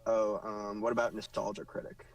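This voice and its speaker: A man co-hosting a casual podcast, chatty and joking with quick asides. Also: lowish voice, completely flat delivery, no echo. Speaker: podcast co-host. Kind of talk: casual chat. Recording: voice a bit far from the mic.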